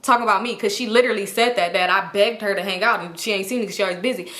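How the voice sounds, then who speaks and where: A woman telling a wild storytime to her viewers, animated and laughing, in a roomy room. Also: mid-range voice, very fast, hardly any pauses. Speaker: storytime vlogger. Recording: roomy echo.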